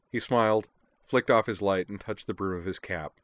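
A man narrating a story in a steady audiobook style. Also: on the low side, normal speed, dry recording.

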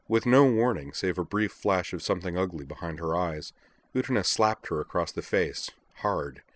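A man narrating fiction aloud in a measured, even way. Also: low-pitched.

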